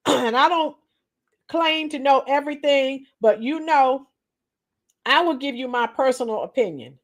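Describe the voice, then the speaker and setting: Middle-aged woman doing a live stream, high voice, chatty, greets everyone by name, bit of a strained throat. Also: animated, measured pace, pauses often. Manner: chatty, greets viewers warmly by name, frequent throat clearing. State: slightly strained voice after a week of teaching. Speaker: livestream host. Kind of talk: casual live chat with viewers.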